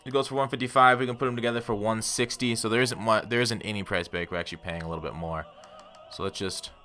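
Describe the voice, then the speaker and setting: Low-voiced man rambling over gameplay. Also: fairly even intonation, fast talker, bright, forceful tone. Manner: rambling, self-deprecating, talks to viewers. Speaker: gaming YouTuber. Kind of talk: casual gameplay commentary.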